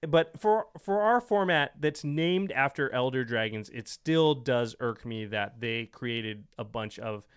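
A man co-hosting a casual podcast chat, animated and emphatic, laughing often. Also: medium pitch, unhurried, hardly any pauses, smooth. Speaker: podcast co-host.

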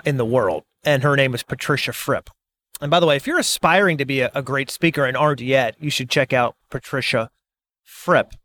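A middle-aged man, a speaker and author, talking in a casual, animated monologue and acting out quoted reactions. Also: medium pitch.

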